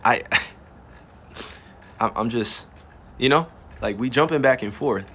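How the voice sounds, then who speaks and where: New jersey guy ranting on his stream, cussing, throwing out question after question, mid-pitched voice, slight hiss. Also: slow, sharp tone. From New Jersey, US East Coast. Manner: emphatic and ranting, with rhetorical questions, profanity and laughs. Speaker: livestreamer. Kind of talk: casual live-stream monologue.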